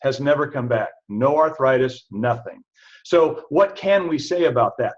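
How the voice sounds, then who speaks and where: A man, a chiropractor, giving a casual, chatty product talk to an audience, telling stories about himself with animated asides. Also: mid-range voice, normal speed. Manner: chatty, self-deprecating, animated storytelling. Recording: dull lo-fi recording.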